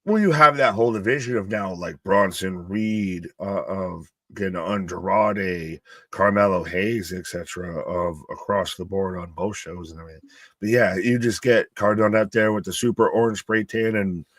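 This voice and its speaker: A man's voice: low-pitched, moderate pace, dry recording. A man co-hosting a casual live wrestling watch-along, joking, swearing and laughing often. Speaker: co-host.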